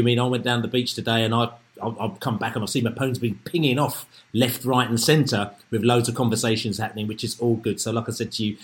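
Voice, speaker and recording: A man hosting a casual football podcast over a remote call, excitable and rambling, often repeating himself. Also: medium pitch. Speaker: podcast host.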